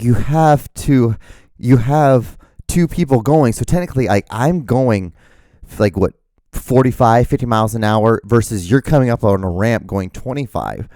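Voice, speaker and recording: A man's voice: mid-range voice, dark tone, no room sound, studio quality. A young man hosting a solo podcast, rambling through a story with lots of restarts and casual swearing. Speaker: podcast host.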